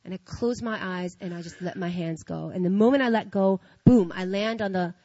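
Animated woman telling a story. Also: medium pitch, a little fast, no room sound, muffled recording. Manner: animated, slangy, acts out her own reactions. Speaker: speaker sharing a personal faith story. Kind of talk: casual storytelling to an audience.

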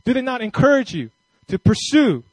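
A male pastor giving a conversational, animated sermon with casual asides and self-deprecating humor. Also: extremely high pitch, normal speed, slightly rough, dry recording, poor audio.

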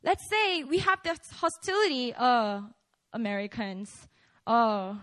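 A young woman pastor giving a casual, animated sermon at a prayer meeting, laughing often as she talks. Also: sits high, unhurried, low-quality recording. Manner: animated, conversational preaching with frequent laughs.

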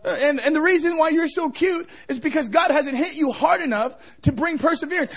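A middle-aged male pastor preaching a revival sermon, joking with the crowd and building to shouts. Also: very high voice, animated, a little fast, hardly any pauses.

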